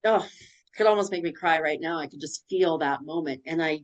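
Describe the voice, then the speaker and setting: Candid, emotional woman with a low voice. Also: fairly quick, highs cut off. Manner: candid and emotional, blunt swearing. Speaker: podcast guest. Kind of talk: personal storytelling.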